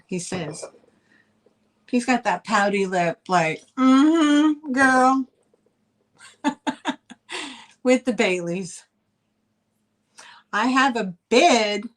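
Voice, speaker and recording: A woman's voice: medium pitch, a bit bright. A middle-aged woman hosting a live online sale, chatting in a rambling, easygoing way and laughing easily as she shows items. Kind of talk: casual live-stream selling chat.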